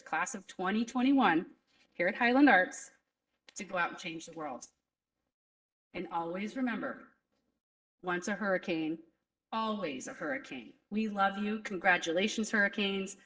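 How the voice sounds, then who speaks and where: A woman's voice: fairly low pitch, fairly bright tone, far from the mic, low-quality recording. A woman principal giving an earnest, emotional graduation speech to students. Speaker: school principal. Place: school graduation ceremony.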